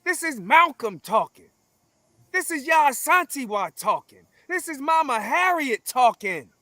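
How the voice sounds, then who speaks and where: A man speaking as an interview guest in a forceful, emphatic, preaching way, full of repetition and blunt profanity. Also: extremely high pitch, very animated, unhurried, no room sound. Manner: forceful, emphatic, preaching cadence with repeated phrases. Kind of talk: confrontational conversational interview.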